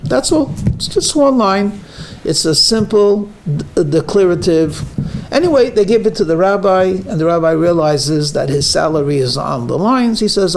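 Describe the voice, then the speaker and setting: A man's voice: sits high, animated, moderate pace, gravelly. A man, a rabbi, giving a weekly lecture, telling stories and stressing words to show how emphasis changes meaning. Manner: storytelling, stresses words for emphasis, frequent fillers. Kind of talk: sermon with jokes and teaching.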